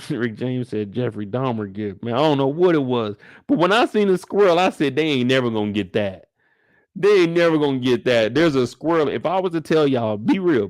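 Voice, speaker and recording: A young man hosting a casual livestream recap, animated and profane, often leaping into high exclamations. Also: no echo, studio quality. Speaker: show host.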